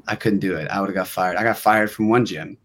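A man's voice: deep voice, brisk, slight background noise. A young man, a guest actor, chatting casually on a podcast and acting out quotes as he tells his stories. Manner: animated storyteller acting out quotes.

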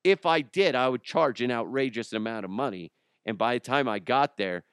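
A man hosting his solo podcast in loose, joking chatter that often pokes fun at himself. His voice is smooth and resonant. It sits close on a dry microphone with no room sound. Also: medium pitch, animated, moderate pace, no echo. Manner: joking, rambling, self-mocking. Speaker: podcast host. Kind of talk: casual solo podcast talk.

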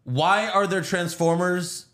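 A man co-hosting a movie review podcast, loud and exasperated, swearing as he rants. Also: high-pitched, slow, echoey room. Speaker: podcast co-host. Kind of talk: casual movie review chat.

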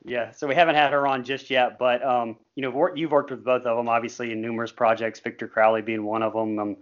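A man hosting a podcast interview, asking questions in a relaxed, agreeable way. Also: medium pitch, fast talker. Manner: relaxed, agreeable, short backchannel replies. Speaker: podcast host. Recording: dull dry lo-fi sound.

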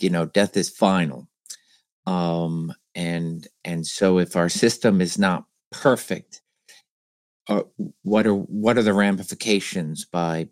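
Deep-voiced, hesitant male co-host. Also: no echo. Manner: hesitant, many restarts, thoughtful. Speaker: podcast co-host. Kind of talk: casual podcast chat.

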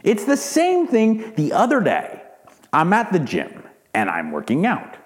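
A man's voice: high-pitched, huge pitch swings, unhurried. A man hosting his own podcast, ranting heatedly and cursing often, repeating words as he builds up steam. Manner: heated, profane, repeats words when worked up. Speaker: podcast host. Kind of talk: ranting monologue.

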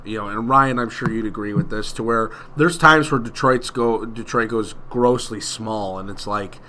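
Jokey man with a bright voice. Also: on the low side, moderate pace, a little hiss or hum. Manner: jokey, rambling. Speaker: podcast co-host. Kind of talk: casual sports chat.

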